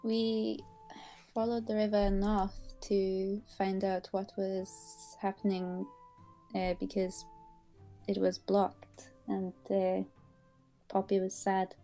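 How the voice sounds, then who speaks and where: A woman speaking in character as a player in a tabletop game, slow and hesitant. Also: medium pitch, monotone, warm tone, faint music behind. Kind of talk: in-character tabletop role-play.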